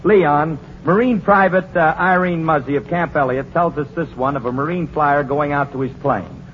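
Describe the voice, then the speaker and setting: A man hosting a live 1940s radio quiz show, joking and bantering with contestants. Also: on the high side. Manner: breezy, joking, quick banter. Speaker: quiz show host and bandleader. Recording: dull, hissy 1940s radio broadcast.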